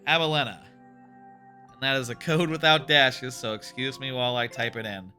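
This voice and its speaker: A man with a medium-pitched, sharp voice talks a little fast while streaming a platform game, with music playing behind him. His live commentary is casual and candid, full of frequent swearing as he thinks aloud through the play.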